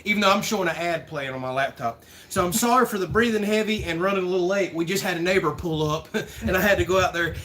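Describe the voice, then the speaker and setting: A man hosting a casual livestream Q&A, chatty and rambling and quick to laugh, recorded on a phone camera. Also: high voice, bright, forceful tone. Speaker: livestream host.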